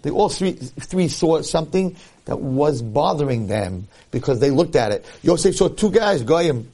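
A man's voice: on the high side, measured pace. A rabbi telling a story during a Torah lecture, acting out the people in it and repeating his key points for emphasis. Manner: animated, acts out the people in his stories.

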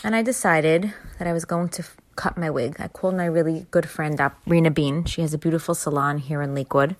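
A woman's voice: sits low, brisk. A woman telling an earnest, heartfelt personal story to an audience of women, stressing her points with emphasis. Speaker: inspirational storyteller addressing women.

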